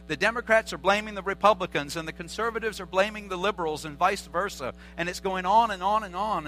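Earnest bright-voiced male pastor preaching. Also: sits high, low-quality recording. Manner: earnest preaching with repeated short exhortations. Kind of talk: sermon.

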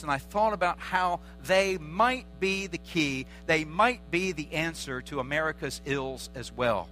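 A man's voice: fairly high pitch, sharp tone, low-quality recording. A man preaching a sermon as a pastor, earnest, driving his points home with repeated short exhortations.

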